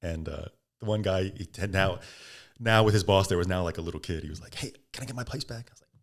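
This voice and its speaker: Low-voiced middle-aged guy on a podcast, telling a story, acts out the quotes. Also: fast talker. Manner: animated, acts out quotes with laughs. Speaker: podcast guest. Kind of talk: casual storytelling.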